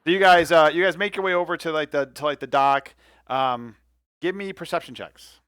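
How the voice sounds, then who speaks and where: Bright-voiced man running a tabletop game. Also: on the high side, normal speed, clean tone, no room sound, studio quality. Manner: rambling, with many fillers and restarts. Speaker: game master. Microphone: home microphone in a remote session.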